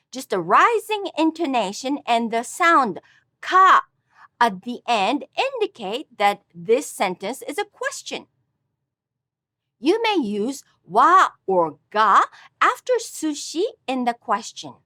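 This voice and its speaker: A woman narrating a scripted language lesson, speaking with careful, clear enunciation and exaggerated pitch on example words. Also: big pitch swings, slow pace, sharp tone, dry recording, studio quality. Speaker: Japanese language teacher.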